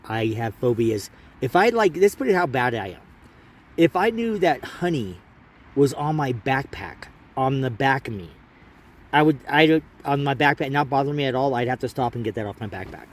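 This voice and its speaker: Here a man from Alaska, a bit worn out from hiking, talks into a handheld camera at a mountain campsite in a loose, rambling vlog. He interrupts himself often while narrating casually. His voice sits at medium pitch, lively, at a moderate pace.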